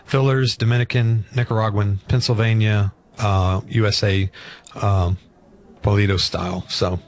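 A man co-hosting a cigar review, reading the tasting notes aloud slowly and deliberately in a casual chat. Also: fairly low pitch, flat delivery. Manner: slow, deliberate reading of lists.

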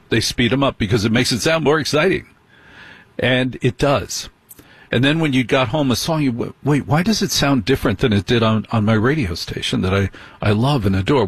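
Older male overnight radio host, husky and dry, self-mocking and chatty. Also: mid-range voice, no echo. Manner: wry, self-deprecating, rambling asides. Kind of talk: late-night radio talk with listener mail.

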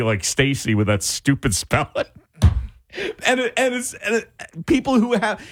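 A man hosting a radio talk show, chatting casually in an animated, rambling way with restarts. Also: on the high side. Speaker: radio host.

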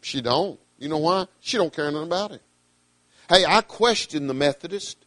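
A middle-aged man, preaching a sermon with emphatic, swinging delivery, loud declarations dropping to quiet asides. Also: on the high side, expressive, normal speed, no echo.

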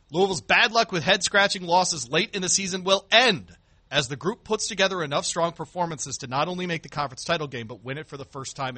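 A man hosting a sports radio show, talking football in a lively, emphatic way from the studio. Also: fairly high pitch, dry recording. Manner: animated, emphatic. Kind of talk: sports talk banter.

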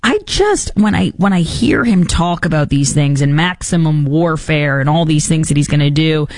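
A woman's voice: sits low, animated, normal speed, dry recording, clean studio sound. A woman hosting a political talk show, giving opinionated commentary with sarcastic asides and mocking put-on quotes. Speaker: podcast host.

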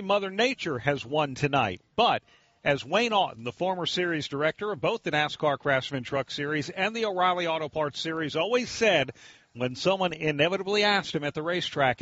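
A man hosting a live radio race broadcast, steady and informative as he passes along schedule news. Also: fairly high pitch, no room sound, muffled recording. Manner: steady, informative, thanks listeners often. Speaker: radio race play-by-play host.

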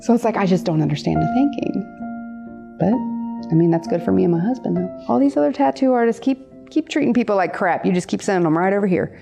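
A woman tattoo artist telling stories in casual chat, laughing often and jumping high in pitch when she quotes people. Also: animated, fast talker, gravelly, music in the background. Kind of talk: casual storytelling.

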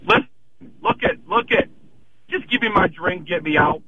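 A man's voice: high-pitched, sing-song, normal speed. A man calling into a radio show by phone, griping in an exasperated way. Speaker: caller. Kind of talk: phoned-in complaint. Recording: muffled phone line with faint noise.

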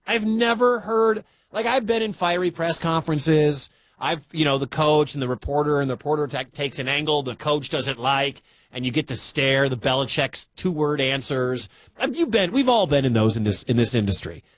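A man's voice: on the high side, normal speed, no room sound. A man from the Midwestern US hosting a sports talk radio show, chatty and incredulous.

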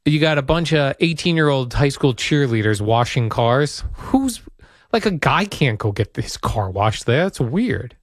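A man's voice: a little slow, no room sound, studio quality. Rambling, joking male radio co-host. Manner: joking, rambling, pitch jumps up when excited. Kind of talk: casual radio banter. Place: radio studio.

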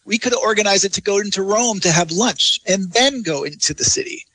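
A man's voice: high voice, brisk, bright, forceful tone, no echo. A man chatting in an interview about travel, rambling and enthusiastic with lots of restarts. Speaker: travel blogger guest. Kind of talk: casual interview chat.

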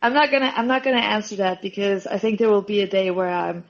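A woman's voice: medium pitch, steady tone, quick pace, gravelly, dull audio. A woman, a guest wrestler, answering interview questions in a giggly, hesitant way.

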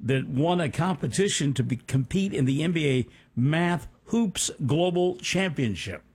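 Husky man chatting on local radio. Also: a little high, animated, unhurried, darkish tone. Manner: conversational, enthusiastic asides. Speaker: radio co-host. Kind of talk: local radio news chat.

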